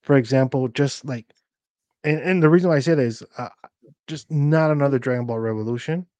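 Brief: laid-back male co-host, mid pitch, rambling delivery, dry close mic. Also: brisk, a little mellow, dry recording. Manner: loose, rambling, lots of fillers. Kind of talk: casual chat.

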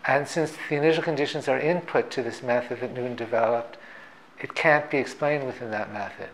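A man, a theoretical physicist, explaining ideas in a thoughtful, measured, professorial way. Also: mid-range voice, fairly bright tone, a little hiss or hum, low-quality recording. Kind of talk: reflective explanatory talk.

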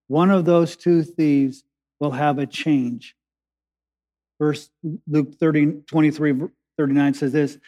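High-voiced preacher in an echoey hall. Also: male voice, a little mellow. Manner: preaches with slow emphatic pauses and rising urgency. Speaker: pastor. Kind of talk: sermon. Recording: echoey hall with long reverb.

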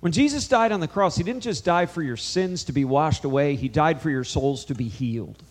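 Man, pastor, sermon, storytelling, fairly high voice, long hall reverb. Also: animated, brisk. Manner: storytelling, quoting conversations with shifting emphasis.

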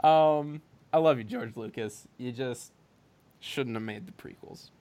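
A man co-hosting a podcast in casual chat, animated and laughing, slipping into impressions. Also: mid-range voice, unhurried. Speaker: podcast co-host.

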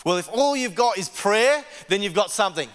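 Bright high-voiced male pastor, reverberant hall. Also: lively intonation, fairly quick. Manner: earnest, stumbles and repeats words. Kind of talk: conversational sermon. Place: church service.

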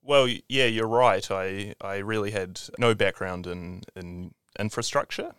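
Smooth-voiced New historian. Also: male voice, fairly low pitch, a little slow, fairly bright tone, no echo, studio quality. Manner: thoughtful, restarting often, light laughs. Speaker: historian guest. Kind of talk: conversational interview.

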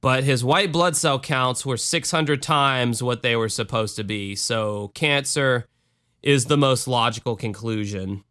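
A man hosting a podcast, talking in a dry, sarcastic deadpan with rambling restarts. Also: mid-range voice, a little slow, clean tone. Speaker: podcast host. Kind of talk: casual podcast monologue.

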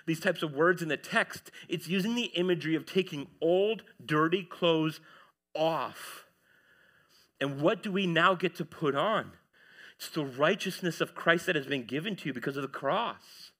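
A man, preaching a sermon in church, animated and swinging between loud and hushed. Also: a little high, normal speed. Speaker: pastor.

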